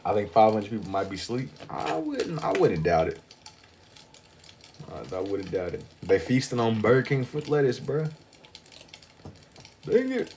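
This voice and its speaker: A sleepy livestream artist rambles casually while he draws, his lowish, slightly mellow voice very animated yet unhurried, with long pauses between thoughts. His talk drawls and meanders, full of slang and repeating himself, over slight background noise.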